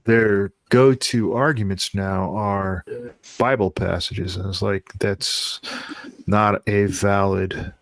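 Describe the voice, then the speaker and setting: A man chatting easily on a video call, quick to chuckle. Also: fairly low pitch, fairly even intonation, no room sound. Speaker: panelist. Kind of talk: casual video call chat.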